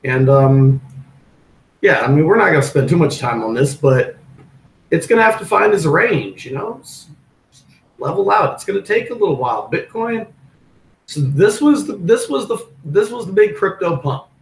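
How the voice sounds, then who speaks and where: A man with a slightly high voice hosts a live stream in a loose, rambling way, full of fillers and restarts. The sound is roomy, with noticeable echo around him. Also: expressive, moderate pace, vocal fry. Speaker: host of a crypto live stream. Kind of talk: casual live-stream talk.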